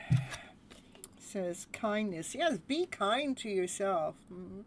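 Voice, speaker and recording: Woman tarot reader, live stream, casual and giggly, medium pitch. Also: expressive, slow, background noise. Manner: chatty, laughs often. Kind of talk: live tarot reading chat.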